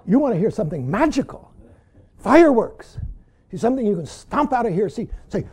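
An older man giving a Zen dharma talk as teacher, who keeps saying "see" and swings between loud emphasis and hushed whispers. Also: high voice, very animated, a little fast, breathy edge.

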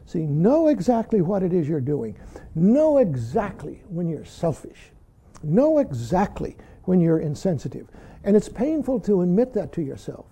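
Blunt, teasing man with a mellow, lively voice. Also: high voice, moderate pace, husky. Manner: repeats "see" often, blunt and teasing, laughs. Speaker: Zen teacher. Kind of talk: dharma talk.

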